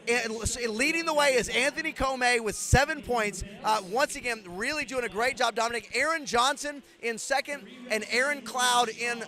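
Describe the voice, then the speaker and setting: A man's voice: very high voice, normal speed, hardly any pauses, pushed and bright. A man commentating a live fitness competition, chatty and rambling, slipping into stories with many restarts. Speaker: event commentator.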